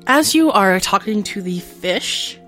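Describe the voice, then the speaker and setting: A woman's voice: medium pitch, lively intonation, takes it slowly, fairly bright tone, faint music behind. A woman narrating as game master of a tabletop game, patiently explaining the rules.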